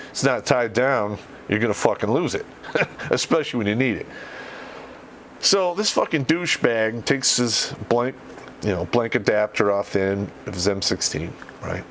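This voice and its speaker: A man's voice: fairly low pitch, a bit bright, a little hiss or hum. A middle-aged man who swears freely while casually telling a war story on a podcast and laughs as he goes. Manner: profane, laughs through the telling.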